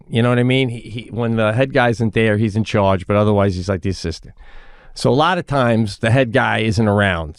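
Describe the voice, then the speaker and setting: A middle-aged man co-hosting a podcast, spinning a long story in a casual, animated way. His voice sits at an ordinary pitch for a man. The room sound is dry and close on a studio mic. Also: no echo. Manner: animated, acts out quoted voices. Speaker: podcast co-host.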